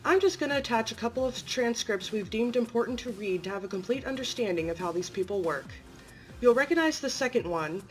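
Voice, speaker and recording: A woman narrating from a script in a clear, matter-of-fact way. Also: fairly high pitch, lively intonation, a little fast, soft background music.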